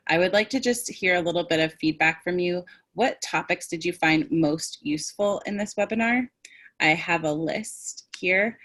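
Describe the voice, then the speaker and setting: A woman's voice: on the low side, normal speed, a bit bright. A woman presenting a teaching webinar, demonstrative, acting out tones and phrases as she explains. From United States.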